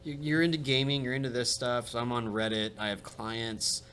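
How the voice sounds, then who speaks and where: Tattoo guy, mid-pitched, animated, swears freely, faint noise. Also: normal speed. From Texas. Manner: loose, swearing, animated storyteller. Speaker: tattoo artist guest. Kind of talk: casual podcast chat.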